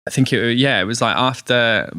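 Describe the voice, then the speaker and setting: Lively man telling a story. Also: mid-range voice, normal speed, no room sound, clean studio sound. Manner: storytelling, animated retellings, laughs often. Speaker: gig promoter, guest. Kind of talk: casual interview chat. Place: podcast studio.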